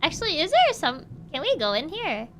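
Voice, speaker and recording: A woman's voice: very high voice, huge pitch swings, a little fast, fairly bright tone, slight background noise. A woman streaming a game, chatting casually and giggling often. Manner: giggly, self-mocking. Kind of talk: casual let's play commentary.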